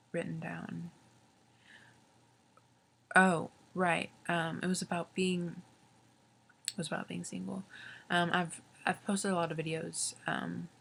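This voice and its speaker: 18 yr old girl rambling earnestly about faith, low flat voice, lots of fry, slips into half whispers. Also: a little hiss or hum. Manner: halting, rambling, many fillers, earnest; often drops into soft half-whispers. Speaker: faith vlogger. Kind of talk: casual confessional faith talk.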